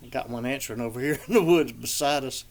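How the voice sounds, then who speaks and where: A man's voice: mid-range voice, fast talker, vocal fry, crowd noise. An older man with a Southern American accent chatting casually outdoors in a backyard, rambling in a folksy way and imitating bird calls. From southeastern Georgia, USA. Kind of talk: casual outdoor chat with bird call demonstrations.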